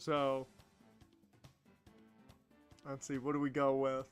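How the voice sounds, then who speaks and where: A man's voice: a little high, drawn-out words, long pauses, clear, resonant tone, soft background music. A man streaming a video game, making joking, sarcastic casual commentary. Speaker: let's play streamer.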